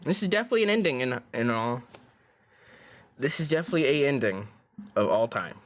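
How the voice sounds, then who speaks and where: A male streamer reacting excitedly while reading a story game aloud, swearing often and raising his voice. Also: mid-range voice, a little fast. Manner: excitable, swearing, loud outbursts.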